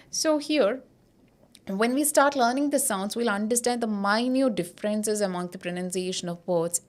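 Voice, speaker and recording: A woman teaching pronunciation, explaining in a slow, deliberate classroom manner and often checking in with "okay?" and "got it?". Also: medium pitch.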